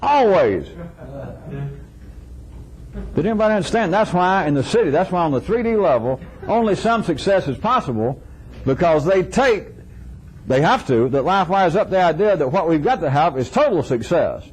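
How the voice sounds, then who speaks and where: A man's voice: high voice, expressive, a little fast, slight background noise, rough recording. A man giving an informal philosophical lecture to a live audience, wry and chuckling, acting out little dialogues in shifting voices.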